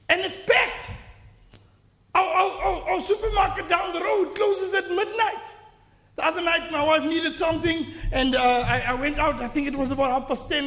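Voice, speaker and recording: A man's voice: very high voice, a bit bright. A man preaching a sermon as pastor, repeating words and restarting as he questions his congregation, recorded in a church hall. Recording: echoey hall.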